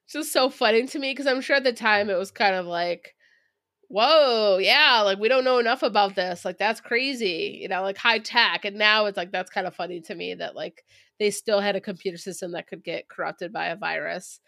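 Young woman podcast co-host, bright and chatty, dry close mic. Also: medium pitch, fairly quick, gravelly, no echo. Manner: chatty, acts out quotes in animated voices. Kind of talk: casual movie review chat.

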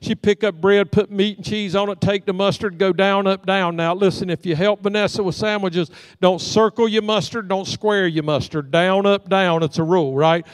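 A man's voice: high-pitched, steady tone, normal speed, hardly any pauses, smooth, dry recording, long reverb tail. A middle-aged man preaching a storytelling sermon in a church sanctuary, acting out the voices in his folksy stories. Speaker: pastor.

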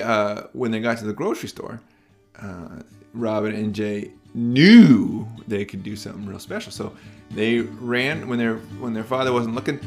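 A man telling a children's bedtime story as podcast host, in a relaxed, rambling way with fillers. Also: fairly low pitch.

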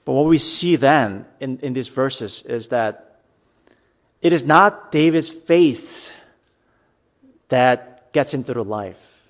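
A man's voice: medium pitch, takes it slowly, pauses often. A man preaching a sermon to his church, earnest, reading scripture dramatically and talking it through plainly. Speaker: pastor.

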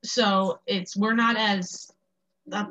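A woman's voice: medium pitch, fairly even intonation, slow, sharp tone. A teenage American girl chatting casually, rambling and restarting her sentences often. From United States. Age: teens. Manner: rambling, many restarts and fillers. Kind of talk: casual chat. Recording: dull lo-fi sound.

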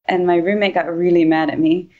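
A woman's voice: lowish voice, steady tone, brisk, narrow, tinny audio. A woman recalls events in a casual interview, chatty and full of filler words, and acts out quoted speech.

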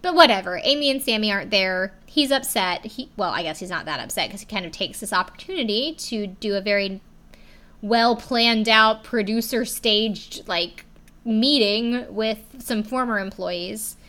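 A woman's voice: medium pitch, normal speed, pushed and bright. A young woman casually recapping a story, filling her talk with "like" and dropping the odd swear word. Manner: chatty, lots of "like" fillers, casual swearing. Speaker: video recapper.

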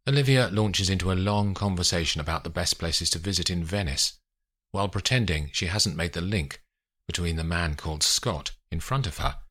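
A man narrating an audiobook with expressive storytelling. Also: deep voice, breathy edge.

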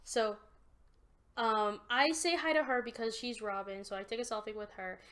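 A young woman hosting a podcast, casually telling an animated story and swearing often. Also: fairly high pitch, normal speed. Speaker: podcast host. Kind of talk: casual chat.

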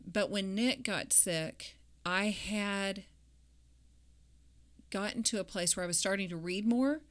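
A mother talking about faith and grief in an interview, speaking reflectively and haltingly with many fillers. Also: medium pitch, fairly bright tone. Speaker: guest; grieving mother.

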